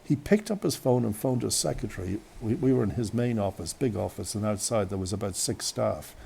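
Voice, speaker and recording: A man's voice: on the low side, animated, brisk, creaky, dark tone. An Irish man, a radio host, telling a long chatty story outdoors on a windy day, full of asides and restarts. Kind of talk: rambling anecdotal storytelling. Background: wind.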